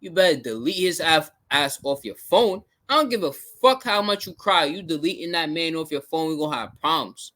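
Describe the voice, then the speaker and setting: A man's voice: fairly high pitch, normal speed, hardly any pauses. A man hosting a reaction video, giving blunt, profane running commentary on a show. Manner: blunt, profane, animated rants.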